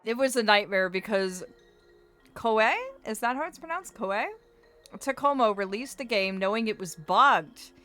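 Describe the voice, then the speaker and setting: Animated, bright-voiced woman streamer. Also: mid-range voice, normal speed, few pauses, faint music behind. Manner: chatty, theorizing, playfully dramatic. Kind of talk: casual game stream commentary.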